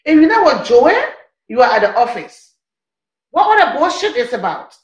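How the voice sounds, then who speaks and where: A woman's voice: sits high, sing-song, moderate pace. An actress with a Liberian English accent playing a suspicious young wife, scolding her husband for his lies. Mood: accusing. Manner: accusing, scolding. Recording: echoey room.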